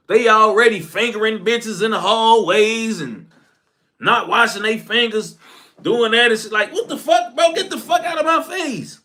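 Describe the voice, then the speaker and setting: A man telling a casual story, slang-heavy and profane, jumping from shouted outbursts to low mumbled asides.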